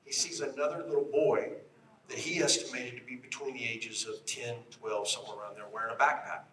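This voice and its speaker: A man's voice: mid-range voice, steady tone, fairly quick, a bit bright, slight background noise. A middle-aged man, a retired state police officer, tells a story in an emphatic rally speech and speaks straight to the crowd. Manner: emphatic, addresses the crowd directly. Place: outdoor rally. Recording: echoey, distant from the mic.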